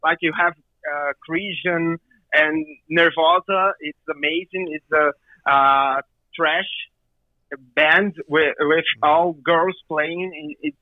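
A Brazilian man with a Brazilian Portuguese accent speaks slowly, stumbling and repeating words as he hunts for the next one. His voice sits fairly high for a man. It comes through a dull, lo-fi phone line. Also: steady tone, no room sound. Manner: halting, repeats words while searching for them. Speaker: guest musician. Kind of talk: casual interview.

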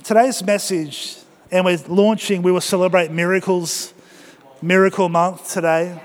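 High-voiced man preaching a sermon. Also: measured pace, long reverb tail. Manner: energetic, joking, exhorting the congregation. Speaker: pastor. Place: church.

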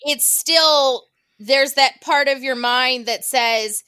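A young adult woman co-hosting a casual movie podcast, animated and acting out characters' lines as she talks. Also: high voice, takes it slowly, clear, resonant tone, no echo, clean studio sound. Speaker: podcast co-host.

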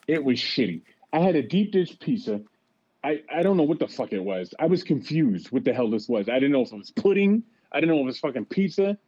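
Brief: man, podcast co-host, profane rambling storyteller, lively delivery, mellow tone, dull lo-fi recording. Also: mid-range voice, a little fast, husky. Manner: profane, animated storytelling with many restarts. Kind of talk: casual chat. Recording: dull lo-fi sound.

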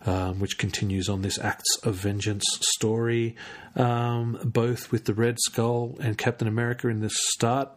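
This solo podcast host is a man talking casually late at night, worn out, rambling, tripping over his words with many fillers. He speaks in a mid-range voice, flat and a little slow.

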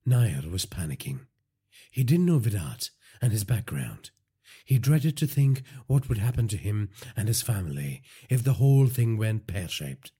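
Deep, husky male audiobook narrator. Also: big pitch swings, normal speed, mellow.

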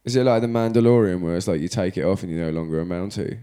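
Low-voiced guy on a podcast, rambly and sweary, jokes around. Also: quick pace, mellow, clear, resonant tone. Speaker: podcast co-host. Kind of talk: casual chat.

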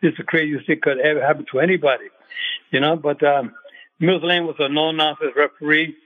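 A man's voice: fairly high pitch, steady tone. Older man on a tinny phone line. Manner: halting, many fillers and restarts. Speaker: retired boxing referee, guest. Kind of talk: phone-in radio interview.

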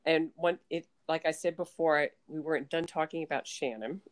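A low-pitched woman co-hosting a casual chat. She tells stories animatedly, breaking into laughing asides. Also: fairly even intonation, a little fast.

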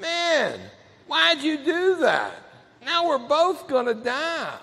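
A man putting on a recovering male addict, raised a little in pitch and full of exasperated disbelief. The voice is heard through the long echo of a big hall. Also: very animated, slow, vocal fry, sharp tone, full character voice. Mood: dismayed. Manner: incredulous, exasperated. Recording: echoey hall.

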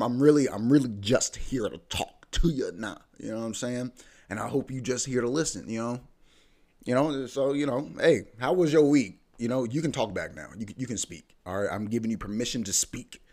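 A man's voice: medium pitch, a little mellow. A man hosting his podcast in a casual, playful rant, speaking in with loose, repetitive slang. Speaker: podcast host. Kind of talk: casual ranting monologue.

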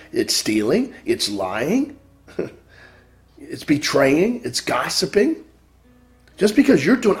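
Emphatic preacher man, lively pitch. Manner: emphatic, repeats phrases, swings between loud stresses and quiet drops. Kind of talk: sermon.

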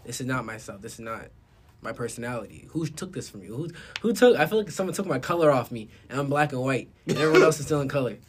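Young guy telling a story, laughs a lot, mumbles then gets loud, little bit of background hiss. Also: medium pitch, lively intonation, fast talker. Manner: laughs often, switches between quiet mumbling and loud laughing bursts. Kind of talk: casual chat.

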